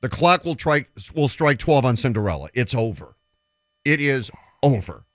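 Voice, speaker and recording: A man's voice: mid-range voice, sing-song, moderate pace, fairly bright tone, dry recording, studio quality. A man hosting sports talk radio, making emphatic predictions and retelling stories with quoted dialogue.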